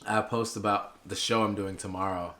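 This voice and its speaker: A young man talks as a podcast guest in an animated, rambling way, drifting off on tangents as he goes. His voice is low-pitched but bright and ringing, and his level swings up when he gets excited. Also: moderate pace. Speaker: podcast guest, political candidate. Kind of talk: casual interview chat.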